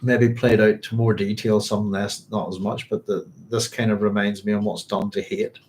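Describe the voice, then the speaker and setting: A man's voice: lowish voice, level tone, moderate pace, a little mellow, slight background noise. A man hosting a book club, reading passages aloud and thinking them through as he goes, often saying "if you like.". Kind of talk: reading aloud and discussing a novel.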